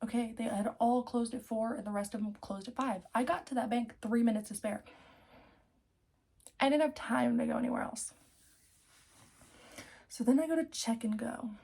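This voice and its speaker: Young woman doing a storytime vlog, mellow husky voice, swears a lot, keeps laughing. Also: fairly high pitch, normal speed, long pauses. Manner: animated, swears freely, laughs often. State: out of breath. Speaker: vlogger.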